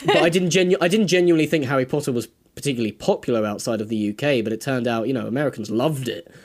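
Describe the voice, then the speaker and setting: A young Englishman with an English accent, chatting as a guest in a relaxed interview. He hesitates a lot, restarting sentences and filling gaps with "um" and "uh." His voice sits at a middling pitch for a man. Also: racing. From England. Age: young adult. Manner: hesitant, many fillers and restarts, laughs often. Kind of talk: casual interview chat.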